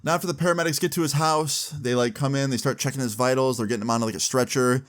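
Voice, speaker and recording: A young man vlogger telling a storytime in casual, animated speech with frequent swearing. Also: medium pitch, fast. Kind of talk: storytime vlog.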